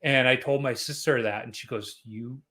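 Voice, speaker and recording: Bright-voiced male podcast host. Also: medium pitch, moderate pace. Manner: relaxed storytelling, chatty. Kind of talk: casual interview chat.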